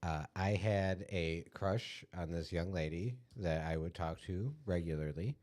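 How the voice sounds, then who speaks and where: A young man with a very low voice tells a personal story on a podcast. He talks loosely, with plenty of fillers and self-corrections, in an easy conversational tone. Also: unhurried, darkish tone. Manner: laid-back storytelling with fillers. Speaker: podcast co-host. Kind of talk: casual chat.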